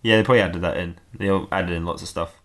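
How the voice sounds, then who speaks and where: A man listening to a comic story, reacting and chatting in a casual way. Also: quick pace. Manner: lively pitch, laughs and reacts to the story. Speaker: podcast co-host. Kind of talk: casual chat.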